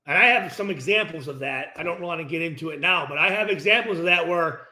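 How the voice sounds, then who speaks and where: A middle-aged man hosting a post-game reaction stream, ranting bluntly and profanely, acting out locker-room exchanges in quick voices. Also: fairly high pitch, pushed and bright, roomy sound. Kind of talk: casual, profane livestream rant.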